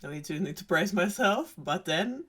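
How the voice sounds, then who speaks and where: A woman's voice: lowish voice, expressive, normal speed, fairly bright tone, slightly rough. A young woman with a German accent retells a fairy tale with dry sarcasm. She rambles and pads her lines with fillers. German is her first language. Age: young adult. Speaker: storyteller.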